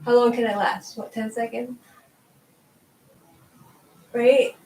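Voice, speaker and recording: Her voice is a little high and slightly mellow, with flat delivery and an unhurried pace, on poor audio. The speaker, a tarot channel host, is at home with her dog, casually chatting as she demonstrates yoga stretches and runs a bit short of breath. She's rambling and talkative, laughing a lot and saying "like" often.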